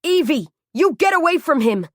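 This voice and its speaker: A woman's voice: a little high, expressive, a little fast, no room sound, studio quality. Woman doing bellowing young man. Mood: yelling. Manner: bellowing, urgent. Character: Jack, a young man yelling in alarm.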